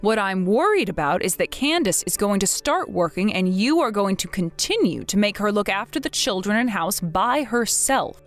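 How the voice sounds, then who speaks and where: A woman playing a blunt, widowed older mother who scolds her grown son in a measured, firm way, in a scripted text-message drama. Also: medium pitch, lively intonation, soft background music, close to an everyday voice. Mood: stern.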